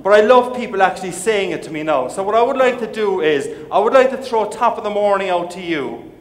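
Irish man, middle-aged, high voice, comic keynote speech, echoing conference hall. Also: animated, fairly quick. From Ireland. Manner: playful comic storyteller, jokey asides. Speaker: keynote speaker. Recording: long reverb of a large hall.

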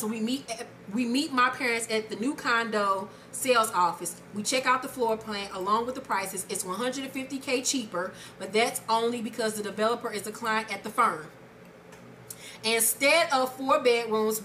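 Bright, animated woman co-host. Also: on the high side, a little hiss or hum. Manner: animated, profane, exclamatory. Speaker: advice show co-host. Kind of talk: casual advice chat, reading a viewer letter.

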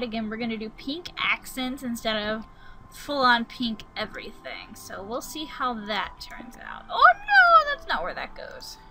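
A young woman giving casual gameplay commentary, musing aloud as she builds and breaking into sudden excited outbursts. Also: a little high, low-quality recording. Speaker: Let's Play gamer.

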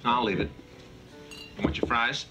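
An actor playing a wisecracking former pro player turned coach, in a 1970s TV drama. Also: male voice, medium pitch, moderate pace, over loud music, close to an everyday voice, rough recording. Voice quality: dry, wisecracking. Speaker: basketball coach.

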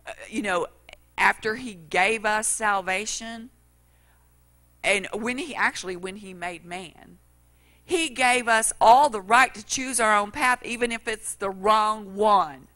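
Middle-aged woman preacher, bright voice, folksy storyteller. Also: medium pitch, takes it slowly. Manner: folksy storytelling, acts out quotes. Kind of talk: sermon.

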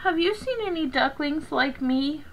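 A woman voicing a small, lonely male duckling in a read-aloud storybook, soft, sad and timid. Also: high-pitched, a little slow, full character voice, rough recording.

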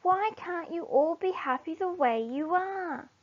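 A woman doing a squeaky little warthog. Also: animated, unhurried. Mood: pleading. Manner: pleading, apologetic. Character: tiny young male warthog, earnest and gentle. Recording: dull lo-fi recording.

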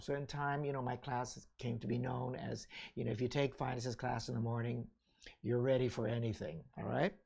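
An older man telling his memories in a loose, conversational flow, checking in with the listener as he goes. His voice is gravelly and husky, with a breathy edge. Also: medium pitch, a little mellow. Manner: chatty, rambling, frequent "you know" and "all right?". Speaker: ballet teacher recounting his career. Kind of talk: casual memoir talk.

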